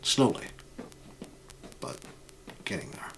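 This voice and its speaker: A man running a tabletop role-playing game as game master, narrating scenes in a measured, descriptive way. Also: slight background noise, low-quality recording.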